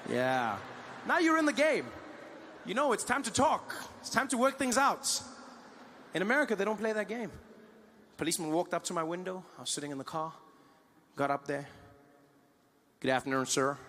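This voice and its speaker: South African stand-up, high voice, animated. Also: male voice, a little fast, long pauses, long reverb tail, slight background noise. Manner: animated storyteller. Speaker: comedian. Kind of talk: stand-up comedy.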